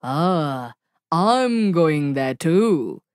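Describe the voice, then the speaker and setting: A sly, growling big bad wolf from a storybook, as a woman reading aloud puts him on. He talks slowly and low, with a menacing drawl, in a dry close recording. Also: sing-song, darkish tone, clear, resonant tone, no echo, full character voice.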